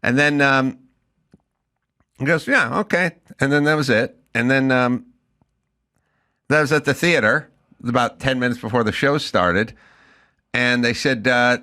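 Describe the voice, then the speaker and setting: In a mid-range voice at normal speed, a middle-aged podcast host swaps stories in relaxed chat. He brings them to life by voicing both ends of his phone conversations.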